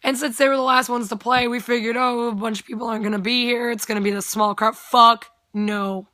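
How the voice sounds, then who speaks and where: A woman's voice: fairly high pitch, steady tone, fairly quick, sharp tone, dry recording, studio quality. A young woman telling a story in a casual vlog, chatty, with plenty of "like" and free swearing. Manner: chatty, swears freely, lots of "like". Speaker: vlogger.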